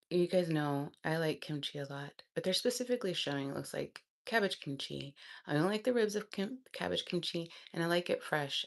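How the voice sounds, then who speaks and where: Chatty excitable woman, lowish voice. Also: creaky. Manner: excitable, thinks aloud, laughs often. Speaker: vlogger. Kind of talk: casual chatty commentary.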